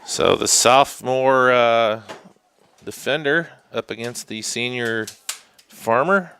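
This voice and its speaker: A man giving live play-by-play commentary on a youth soccer shootout, unhurried and sometimes hushed. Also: medium pitch, clean tone. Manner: unhurried, drops to a hushed whisper during tense kicks. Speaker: sports commentator.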